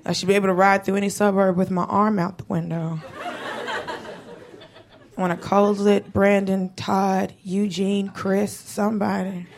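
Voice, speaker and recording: A woman performing a live stand-up set, delivering wry, deadpan punchlines. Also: medium pitch, unhurried, gravelly. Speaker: stand-up comic. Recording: noisy live stage recording.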